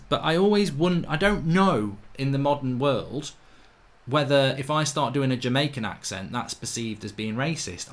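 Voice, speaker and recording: A man's voice: medium pitch, fairly bright tone. A man hosting a live football watchalong stream, talking in a chatty, jokey, rambling way with lots of fillers. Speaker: football channel host. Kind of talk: live match watchalong chat. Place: home studio, with a guitar.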